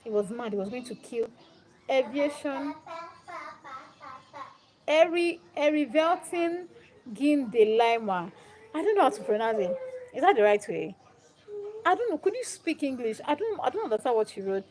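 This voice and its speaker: Animated woman telling Bible stories. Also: fairly high pitch, fairly quick, slight background noise, poor audio. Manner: animated, dramatic, chatty. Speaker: livestream host. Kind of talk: casual Bible storytelling on a live stream.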